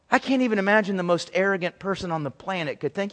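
A male pastor giving a conversational, animated sermon, acting out quoted voices as he goes. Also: sits high, fast talker, few pauses, in a large hall.

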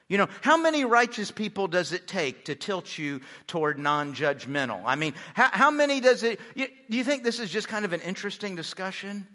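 A man's voice: high voice, a little fast, sharp tone. A man preaching a sermon in a conversational, humorous way, often restarting his sentences. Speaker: pastor. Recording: long reverb of a large hall.

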